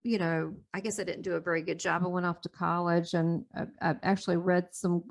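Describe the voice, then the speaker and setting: A woman's voice: lowish voice, little pitch movement, a little fast, creaky. A middle-aged woman, a guest in an interview, telling her story candidly and rambling through restarts with a laugh now and then. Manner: rambling, restarts often, laughs between thoughts.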